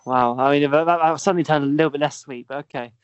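Fast-talking man on a dull lo-fi mic. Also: a little high, a little hiss or hum. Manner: quick, stammering restarts, trails off softly. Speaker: podcast co-host. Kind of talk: casual chat. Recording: slightly dull lo-fi sound.

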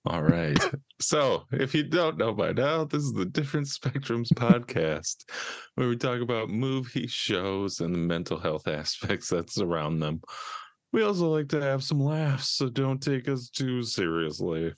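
A man's voice: mid-range voice, sing-song, unhurried, no room sound. A man hosting a casual podcast, joking and laid-back as he introduces the show and its guests. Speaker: podcast host.

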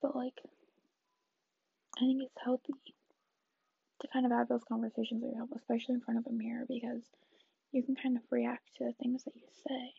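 Breathy whispering young woman, close and dry. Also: on the high side, flat delivery, brisk, pauses often, no echo, narrow, tinny audio. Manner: soft, rambling, reassuring. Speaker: vlogger. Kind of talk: whispered ASMR chat.

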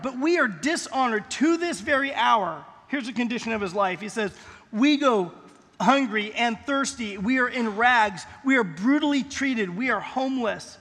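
A male pastor with a very high voice preaches to his congregation in a church sanctuary. He is emphatic, and he slows down and lifts his voice on the points he wants to stress. Long reverb from the hall trails behind every phrase. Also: lively intonation, bright, forceful tone. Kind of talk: sermon.

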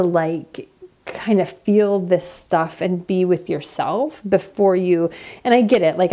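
A woman in her thirties talks through her thoughts on a podcast, candid and reflective, with frequent fillers. Her voice sits low and has a gravelly fry running through it. The tone is dark and mellow rather than bright. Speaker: podcast host. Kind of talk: casual podcast monologue.

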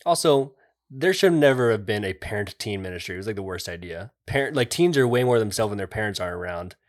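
A man's voice: lowish voice, lively intonation, quick pace. A man on a podcast as a guest, casually telling stories to an old friend and laughing often. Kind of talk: casual chat.

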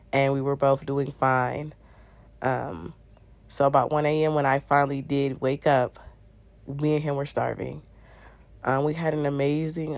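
A woman's voice: low voice, no echo. A young woman vlogger casually recounting a personal story, full of "um" and "I'm like" asides. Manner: conversational, frequent "um" and "I'm like" quoting.

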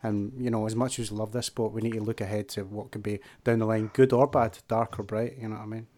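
A man's voice: lowish voice, level tone, quick pace, darkish tone. A man on a podcast roundtable talking earnestly and reflectively. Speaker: podcast panelist. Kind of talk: casual roundtable chat.

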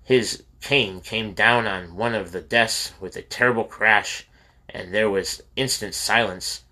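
A man reading a memoir aloud in a steady, plain storytelling manner with small slips. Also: fairly low pitch, measured pace. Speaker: reader of a memoir.

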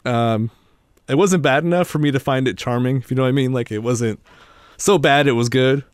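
A man's voice: medium pitch, fairly quick, smooth, no room sound, clean studio sound. A man co-hosting a casual movie review, chatty, giggling between points and reading out trivia. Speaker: podcast co-host.

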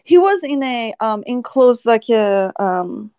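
A woman animal services officer recounts a story in a casual podcast chat, her voice sitting high. She laughs often as she goes, and the sound is close and dry. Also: very animated, slow pace, warm tone, clear, resonant tone, no echo.

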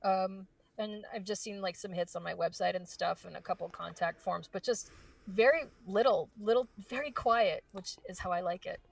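A woman voice actress being interviewed, chatting casually and fast with lots of fillers and restarts. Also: mid-range voice, creaky, distant mic. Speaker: voice actress guest.

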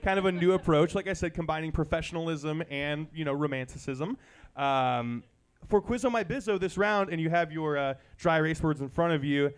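A man's voice: a little high, a little fast, clean tone. A man hosting a live comedy quiz show, playful and a little rambling as he loses track. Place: live event venue.

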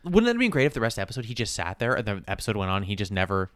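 A man's voice: on the low side, wildly swooping pitch, rapid-fire, fairly bright tone, dry recording, clean studio sound. A man co-hosting a podcast, making wry jokes while recapping a TV show. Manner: wry, joking commentary. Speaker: podcast co-host. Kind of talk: casual chat recapping a TV show.

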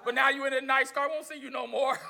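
A man's voice: very high voice, steady tone, fast, vocal fry, bright, forceful tone. A man preaching a sermon, telling the story in a folksy way and calling out to the congregation for responses.

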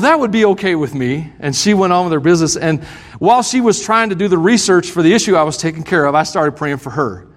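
A man's voice: high voice, fairly bright tone. A male pastor preaching a sermon, telling a story in a self-deprecating way with frequent chuckles, in a church sanctuary. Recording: reverberant church hall.

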